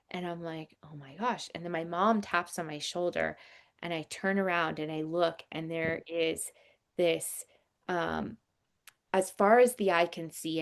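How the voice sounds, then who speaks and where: A woman in her forties telling a personal story in a casual, animated way, with lots of fillers. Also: lowish voice, vocal fry. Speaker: podcast guest.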